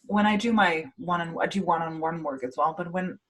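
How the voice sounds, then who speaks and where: Earnest woman podcast host, lowish voice. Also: brisk, fairly bright tone, low-quality recording. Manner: earnest, emotional, repeats phrases. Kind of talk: casual conversation.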